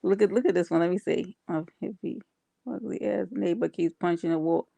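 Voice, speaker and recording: A woman's voice: on the low side, fairly even intonation, brisk, creaky, dark tone, dry recording. A woman hosting a casual livestream, chatting with viewers and reading their comments aloud. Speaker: livestream host.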